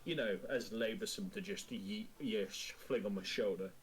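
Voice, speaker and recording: A man, low in pitch, plays his character in a tabletop game, describing him with plenty of laughs and some swearing. The recording carries a faint background hiss. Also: normal speed. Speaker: player.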